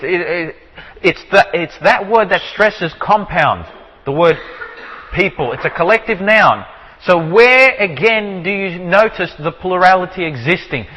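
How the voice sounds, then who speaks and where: A man teaching from the Bible, explaining with repeated rhetorical questions and slowing down to stress key words. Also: high voice, pushed and bright, in a large hall, rough recording. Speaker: preacher.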